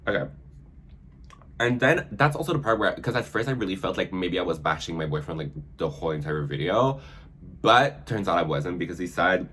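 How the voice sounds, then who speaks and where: A male makeup vlogger talks in a low, lively, slightly bright voice at a somewhat quick clip, with a bit of background hiss or hum. His casual tutorial chatter is packed with "like," and reading aloud makes him stumble.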